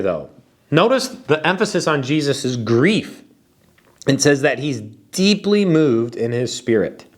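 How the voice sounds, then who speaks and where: A man gives an earnest, reflective expository Bible teaching in a medium-pitched voice, with slow, emphatic pauses and some repeated words.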